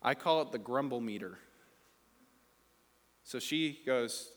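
A man's voice: mid-range voice, lively intonation, slow pace, long pauses, a bit bright, big-room sound. A man preaching a sermon in a conversational, playful way, asking the congregation questions. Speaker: pastor.

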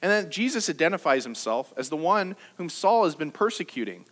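A man preaching a sermon to his church, conversational and lively, with jokes and rhetorical questions. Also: on the high side, brisk. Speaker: pastor. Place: church service.

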